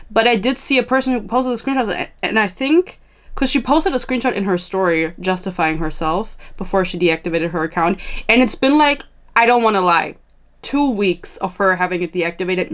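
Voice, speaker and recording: A woman hosting a podcast in a casual, tangential chatty style, swearing freely and laughing at her own asides. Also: mid-range voice. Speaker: podcast host.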